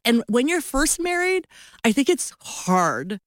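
A woman in her fifties, a guest author telling a personal story in a lively way, filling her speech with "like" and acting out what people said. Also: a little high, unhurried, no room sound, clean studio sound. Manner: animated, uses lots of "like", acts out quotes. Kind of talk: storytelling interview chat.

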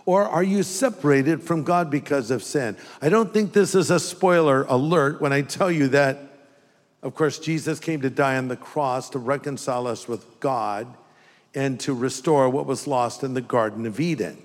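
A man's voice: medium pitch, moderate pace, long reverb tail. An older man preaching a sermon in a church, talking to the congregation in a conversational way and acting out the voices he quotes. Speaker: pastor.

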